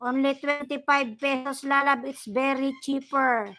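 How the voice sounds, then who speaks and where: This is a woman with a Filipino accent hosting a live stream, her voice high-pitched and bright. She chats loosely in a blend of English and Tagalog, reading out comments and thanking viewers one by one. Faint music plays underneath. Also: steady tone, normal speed. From Bicol, Philippines. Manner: mixes English and Tagalog, gives chatty shout-outs to viewers. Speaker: livestream host. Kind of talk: casual livestream chat, reading viewer comments.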